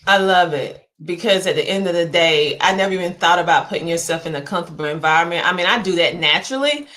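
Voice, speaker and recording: A woman's voice: fairly low pitch, fast, fairly bright tone. A woman podcast host asking long, rambling questions in a chatty, casual way. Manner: rambling, chatty, lots of fillers.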